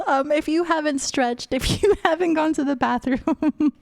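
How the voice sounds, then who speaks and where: A high-voiced woman chatting with her stream viewers at an easy, unhurried pace, playful and teasing, breaking into giggles often. The sound is dry and close, with no room ring. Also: gravelly, darkish tone, no echo. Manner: giggly, laughs often between phrases. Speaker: VTuber streamer. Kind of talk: casual livestream chat with viewers.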